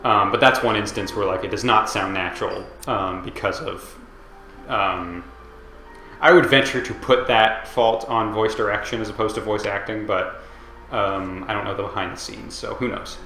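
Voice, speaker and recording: A young man rambles through casual gameplay commentary, his talk full of ums and likes. His voice sits a little low. It has a roomy echo, with game music playing clearly behind him. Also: moderate pace. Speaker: let's play commentator.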